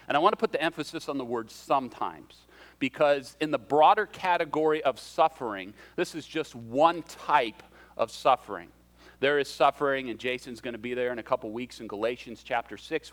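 A man's voice: medium pitch, normal speed. A man preaching a sermon as a pastor, in a conversational way with self-deprecating humor and shifting emphasis.

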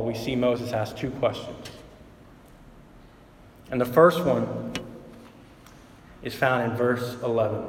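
A man's voice: mid-range voice, slight background noise. Man, pastor, conversational sermon, filler-heavy, roomy hall, distant mic. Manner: conversational preaching, many fillers like "like" and "right?".

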